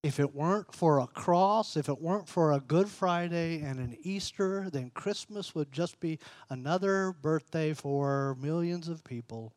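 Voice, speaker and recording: Male pastor, sermon, measured and earnest, slightly high voice, dry close sound. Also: no echo. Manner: measured, earnest, slows and softens for emphasis. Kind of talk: sermon with a story reading.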